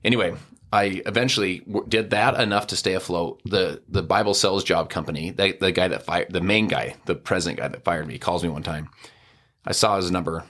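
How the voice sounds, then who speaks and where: Podcast guest, middle-aged man, deep voice, casual animated storyteller. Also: brisk. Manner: animated storyteller, acts out quoted dialogue.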